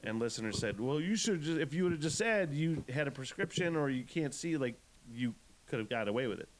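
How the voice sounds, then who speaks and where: A man hosting a podcast, telling a story in a profane, animated, ranting way. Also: medium pitch, fairly quick. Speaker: podcast host. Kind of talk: casual podcast chat.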